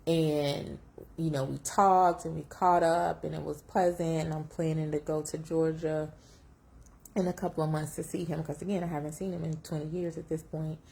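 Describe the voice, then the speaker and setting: A woman telling a personal story on camera, reflective and emotional, close to tears, with lively jumps when she quotes herself. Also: sits low, moderate pace, gravelly. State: tearful. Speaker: vlogger sharing a personal story.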